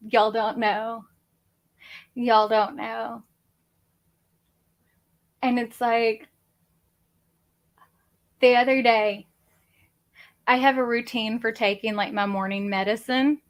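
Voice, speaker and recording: A woman's voice: fairly high pitch, steady tone, slow, long pauses. A woman, hosting a casual livestream chat from her home office in a rambling, chatty, self-deprecating way. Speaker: crafting channel host.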